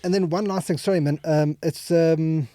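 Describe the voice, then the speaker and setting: A man's voice: on the high side, fairly even intonation, moderate pace, mellow, no echo. A man talking candidly as a podcast guest, rambling with many fillers and restarts. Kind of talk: candid emotional conversation. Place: podcast studio.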